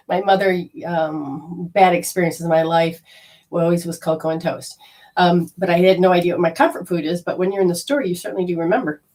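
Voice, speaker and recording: A woman's voice: on the low side, a little fast. Chatty woman telling a story, distant mic. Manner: acts out quoted dialogue in a lively, chatty way. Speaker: spiritual healer giving a talk. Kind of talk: personal storytelling talk.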